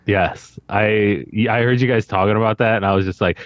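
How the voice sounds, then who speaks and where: A man co-hosting a podcast in relaxed, profane, filler-heavy chat. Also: on the low side, normal speed, no echo, lo-fi sound. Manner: laid-back, swearing, filler-heavy. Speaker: podcast co-host and guest. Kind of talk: casual podcast banter.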